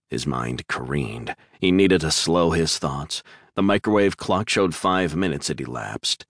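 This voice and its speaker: A man reading a crime thriller audiobook in a steady, tense narration. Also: rumbling low, measured pace, no room sound, clean studio sound.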